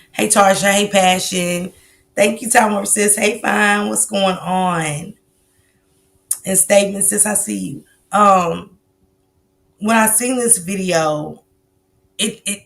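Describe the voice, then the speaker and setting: Here the livestream host's voice is mid-range, gravelly and fairly bright, moving a little slowly, with slight background noise. She talks casually at her computer mic, naming chat viewers between sentences, with plenty of fillers and side comments.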